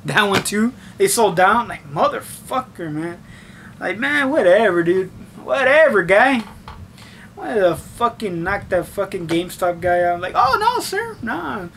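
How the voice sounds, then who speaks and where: Young man, high voice, bright edge, constant swearing, casual vlog rant, faint background hiss. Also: lively intonation, a little slow. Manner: swears constantly, acts out his own reactions. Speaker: vlogger. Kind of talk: casual profane rant to camera.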